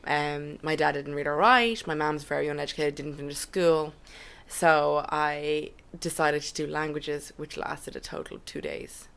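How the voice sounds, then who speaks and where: A young Irish woman chatting candidly as a podcast guest, with quick asides. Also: low-pitched, steady tone, creaky, a bit bright, clean tone. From Ireland. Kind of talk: casual podcast chat.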